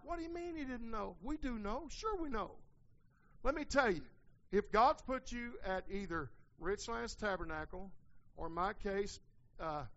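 High, bright preacher man. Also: muffled recording. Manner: preaching with folksy asides and sudden hollered peaks. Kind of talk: sermon.

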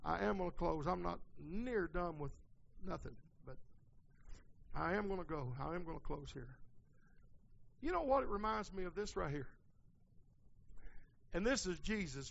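A man's voice: fairly high pitch, moderate pace, gravelly, long pauses, highs cut off. A man preaching a sermon, mixing folksy asides with sudden hollered peaks.

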